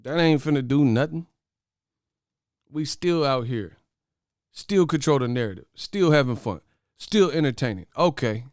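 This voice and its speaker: A brash man riffing straight to his viewers, profane and mocking as he trash-talks a fighter. His voice sits at an ordinary pitch for a man, recorded close and dry with no room around it. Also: lively intonation, unhurried, long pauses, a little mellow, clear, resonant tone, dry recording. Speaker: host of a boxing commentary channel. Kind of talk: casual commentary to camera.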